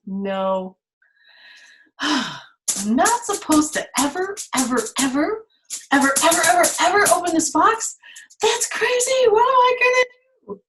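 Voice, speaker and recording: A woman's voice: a little high, expressive, slow, long pauses. A woman playing Pandora, a curious, vain young woman from Greek myth, in a playful, theatrical storytelling manner.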